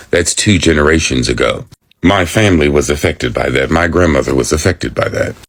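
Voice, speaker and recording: Very deep-voiced man. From American South. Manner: earnest, building a steady argument. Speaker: social media commentator. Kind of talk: video monologue.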